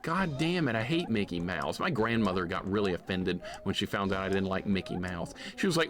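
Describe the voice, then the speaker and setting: A man live-streaming a retro game, excitable and jokingly grumpy as he rants at his chat. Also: deep voice, fairly quick, hardly any pauses, soft background music. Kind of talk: casual live-stream commentary.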